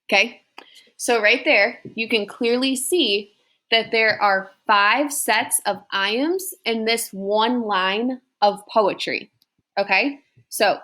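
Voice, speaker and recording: A woman's voice: on the high side, slow, sharp tone. A young woman teacher giving a recorded class lesson, patiently explaining and checking in with "okay?" after each point.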